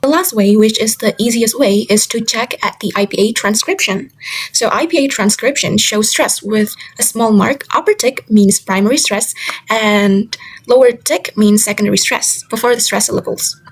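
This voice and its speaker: Woman, young adult, Indonesian first language, class presentation, slightly breathy, careful repetition. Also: fairly high pitch, rough recording. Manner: careful, repeats example words slowly. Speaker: student presenter. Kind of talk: class presentation on word stress.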